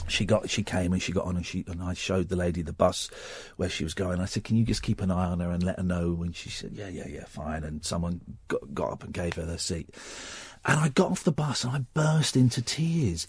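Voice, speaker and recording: A man hosting a radio show, telling a personal story while close to tears, halting and restarting often. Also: low voice, darkish tone, breathy edge, no echo. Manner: halting and tearful, with many restarts. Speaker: radio host.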